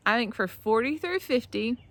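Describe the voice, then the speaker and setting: With a voice on the high side and full of expression, a woman leads young children in counting games. Her teaching is playful and encouraging, slow and sing-song.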